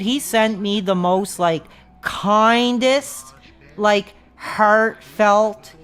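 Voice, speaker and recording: A man's voice: sits high, bright, forceful tone. Man, streamer, casual live-stream chat, rambling, restarts, fillers, desk mic.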